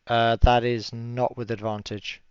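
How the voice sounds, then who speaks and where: A man running a tabletop game as game master, relaxed and chatty, laughing often and yelling enemies' cries in high voices. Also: measured pace, smooth, no echo. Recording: dull lo-fi stream audio, dry.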